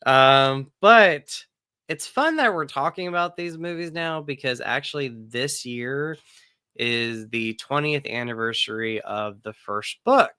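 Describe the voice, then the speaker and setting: A man's voice: mid-range voice, measured pace, sharp tone, clean tone, no room sound. A man in his thirties hosting a casual live-stream podcast, chatty and upbeat, talking straight to his viewers. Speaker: podcast host.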